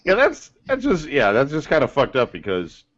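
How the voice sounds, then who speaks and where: A man's voice: medium pitch, huge pitch swings. A man co-hosting a casual podcast, rambling about how a party emptied out, with casual swearing. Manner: rapid, rambling, profane. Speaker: podcast co-host. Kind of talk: casual storytelling chat. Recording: dull lo-fi sound.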